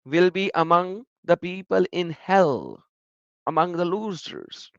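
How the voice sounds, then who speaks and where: A man's voice: high-pitched, animated, slow pace, creaky, a bit bright, dry recording, lo-fi sound. A man giving reaction commentary on video clips, emphatic and repeating words for stress.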